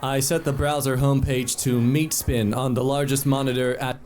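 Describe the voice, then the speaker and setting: A man's voice: flat delivery, moderate pace, darkish tone, slight background noise. A man hosting a reaction video, reading posts aloud with sarcastic commentary and frequent laughter. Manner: sarcastic, laughs often, swings pitch widely.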